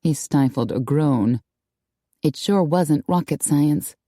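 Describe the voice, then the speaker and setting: A woman performs scripted narration for a romance audiobook, her low-pitched delivery measured and even. There's no echo, and the studio sound is clean.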